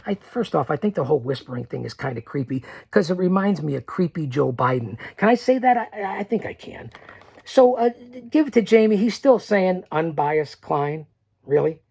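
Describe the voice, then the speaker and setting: A male podcast host giving a boastful solo recap of a tournament. He talks straight to his listeners, urging them to stay, and drops now and then to a low mutter. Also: animated, a little fast, vocal fry, darkish tone, husky.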